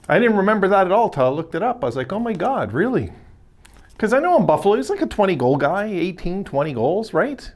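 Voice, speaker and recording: A man's voice: sits high, very animated, fast, hardly any pauses. A man hosting a casual solo video, talking in a rambling, chatty way with frequent self-corrections and asides. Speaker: hockey video host.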